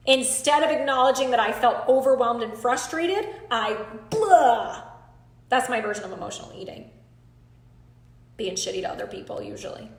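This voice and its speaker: Brief: high-pitched woman coach in her thirties, earnest live class over a call, roomy echo. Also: lively intonation, moderate pace. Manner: earnest, emphatic, talks straight to the group. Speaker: coach leading an online class.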